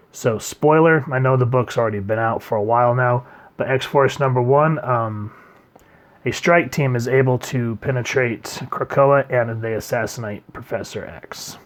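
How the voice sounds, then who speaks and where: A man reviewing a comic book in casual chat, rambling and trailing off quietly at the ends of his sentences. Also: normal speed. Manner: rambling, trails off quietly at line ends, reads quotes in a low murmur.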